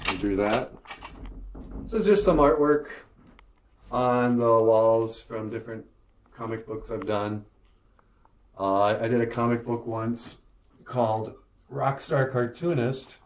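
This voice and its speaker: A cartoonist with an Ojibwe reservation accent, giving a casual, rambling studio tour with jokes and lots of fillers. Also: male voice, medium pitch, a little mellow, slight background noise. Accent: Ojibwe reservation English. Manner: rambling, joking, with many fillers. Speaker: show creator and cartoonist.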